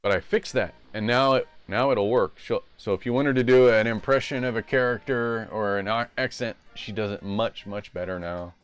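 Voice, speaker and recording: A man's voice: fairly low pitch, moderate pace, few pauses, smooth. A man live-streaming retro games, chatting casually and rambling as he plays at home. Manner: rambling, self-correcting.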